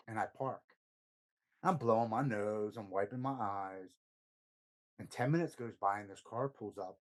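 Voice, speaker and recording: Earnest man in his forties, low voice. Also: low-quality recording. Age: 40s. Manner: earnest, quotes himself and others, repeats words when moved. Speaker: podcast guest. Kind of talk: personal recovery story told in conversation.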